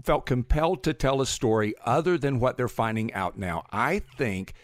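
A man co-hosting a podcast who reports on a case in a measured way, hedging his claims during a debate. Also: mid-range voice, animated, no echo, clean studio sound.

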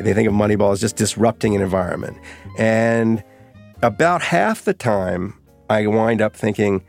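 Middle-aged man telling lively stories. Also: fairly low pitch, normal speed, vocal fry, soft background music. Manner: lively anecdotal storytelling, casual. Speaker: author and interview guest. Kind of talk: storytelling interview.

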